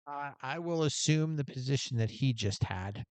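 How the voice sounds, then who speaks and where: A man's voice: medium pitch, lively intonation, normal speed, clear, resonant tone. A man playing in a tabletop game, speaking plainly and matter-of-factly. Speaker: player.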